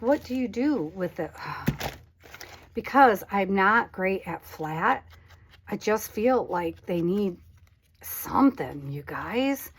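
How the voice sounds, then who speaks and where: A woman's voice: medium pitch, husky. A woman vlogging as she crafts, chatting casually in a rambling way and questioning herself aloud. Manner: drops to a whisper at times. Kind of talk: casual chat while crafting.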